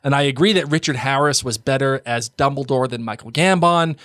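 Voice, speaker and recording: A man's voice: mid-range voice, fairly quick, fairly bright tone, no room sound, clean studio sound. A man co-hosting a podcast, chatting casually and reading listener emails in an easygoing, amused way. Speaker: podcast co-host.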